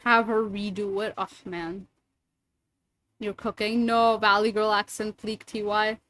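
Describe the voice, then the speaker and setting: A young woman streaming live, her voice bright and clear, with a middling pitch. She chats casually and teases her viewers. At times she drops into soft, gentle praise. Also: flat delivery, unhurried, rough recording. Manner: playful and teasing, drops to soft gentle affirmations. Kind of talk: casual livestream chat with viewers.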